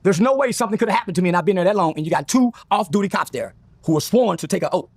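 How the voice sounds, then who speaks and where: A male guest tells a story in a casual, animated and profane way, acting out other people's lines as he goes. His voice is high, very fast and slightly rough, and the recording is dry.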